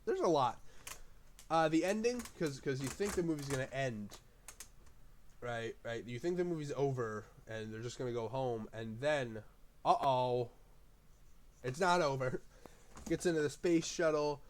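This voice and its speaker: A man talking through a film review in a loose, unscripted ramble. He swears freely and his voice jumps up in excited bursts of praise before settling back down. His pitch sits in a middling range. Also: a little slow, long pauses, slight background noise. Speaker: movie reviewer.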